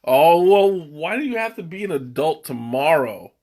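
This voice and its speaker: Captured on a webcam microphone, this man's voice is on the high side and a little mellow, swinging widely in pitch at a normal speed. He's hosting a relaxed live stream over tea, chuckling, rambling, and often trailing off partway through sentences.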